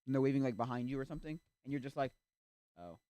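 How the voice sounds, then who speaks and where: A male streamer talks fast in a medium-pitched, expressive voice, rambling with restarts and acting out little quoted exchanges. At times he breaks into loud rants. There's no room sound.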